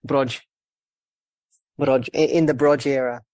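A man's voice: medium pitch, fairly even intonation, takes it slowly, darkish tone, dry recording. Male podcast host, banter-heavy, swears freely, dry close sound. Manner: jokey, swears, laughs at own jokes. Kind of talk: casual banter.

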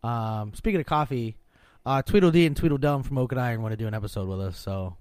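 A man's voice: medium pitch, quick pace, darkish tone, no room sound, clean studio sound. A man co-hosting a casual podcast, talking bluntly and swearing freely. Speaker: podcast co-host. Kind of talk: casual chat.

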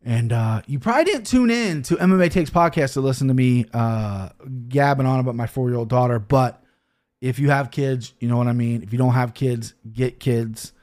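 A man's voice: medium pitch, normal speed. Profane rambling man hosting a podcast. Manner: rambling, profane, many fillers and restarts; soft and emotional when talking about his daughter. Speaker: podcast host. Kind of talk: casual podcast monologue.

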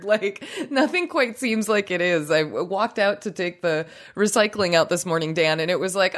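A woman's voice: medium pitch, lively intonation, normal speed, hardly any pauses, a bit bright. Chatty woman co-host, strained voice. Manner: chatty, laughs often, many restarts. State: voice strained from overuse. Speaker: podcast co-host. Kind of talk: casual chat.

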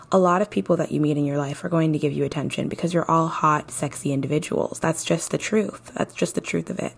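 A woman's voice: deep voice, vocal fry. A young woman hosting a casual advice podcast, chatty and playful like a big sister, a little tired. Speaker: podcast host.

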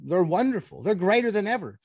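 A tabletop player voicing a boastful female goddess of podcasting, gloating in a slightly lowered voice. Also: sing-song, fairly quick, breathy edge, no echo, clean studio sound.

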